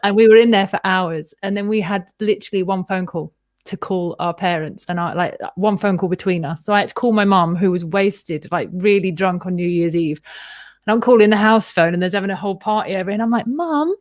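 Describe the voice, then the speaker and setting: A lively woman, a podcast co-host, tells a story in casual chat and acts out the voices she quotes. Her voice is mid-range and her pace brisk, with studio-quality sound and no room echo.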